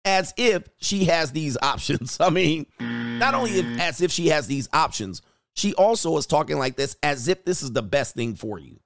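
Speaking at a moderate pace in a slightly high, bright, expressive voice, this man runs a livestream where he reacts to news and reads viewers' super chats. His tone is casual, mocking, and preachy, with drawn-out words for effect.

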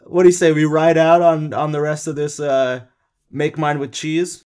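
A man's voice: fairly high pitch, level tone, moderate pace, a little mellow, clean tone. A young man co-hosting a podcast, joking around and rambling in casual chat, laughing often. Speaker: podcast co-host.

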